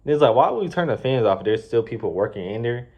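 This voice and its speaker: A man's voice: medium pitch, very animated, fast talker, slightly rough, dull audio. A man in his twenties telling a casual, slangy story with plenty of swearing and rambling asides. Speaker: vlogger. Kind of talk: storytime vlog.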